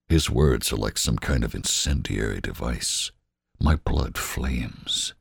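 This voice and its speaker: A man reading a romance novel aloud in a slow, hushed narration that often drops to a whisper. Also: a bass voice, creaky, slightly rough, no echo, studio quality. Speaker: audiobook reader. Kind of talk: scripted narration.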